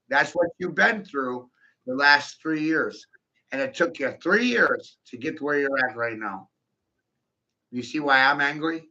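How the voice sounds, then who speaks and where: Gravelly, profane man ranting hard. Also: a little high, animated, measured pace. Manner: profane, aggressive, repetitive, shouting bursts. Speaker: monologuing video host. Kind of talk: ranting monologue to camera. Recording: dull lo-fi recording.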